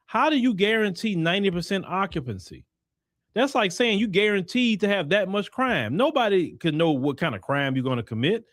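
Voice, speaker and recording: A man's voice: high voice, big pitch swings, a little fast, a bit bright, no room sound, studio quality. A man with a Texan accent hosting a commentary monologue, emphatic and preachy, mocking the voices he quotes. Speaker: host.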